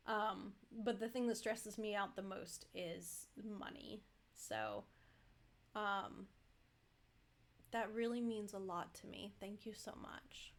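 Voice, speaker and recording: A woman's voice: mid-range voice, expressive, takes it slowly. A young adult woman streaming a game, chatting casually and rambling, thanking viewers effusively. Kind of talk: casual live-stream chat.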